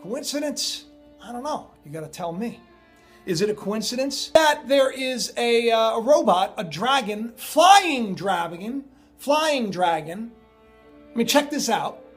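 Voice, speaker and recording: A man's voice: very high voice, lively intonation, normal speed, music in the background. A man hosting a casual monologue video, rambling and chatty with lots of fillers and asides. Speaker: prophecy video host. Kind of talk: casual monologue on end-times signs.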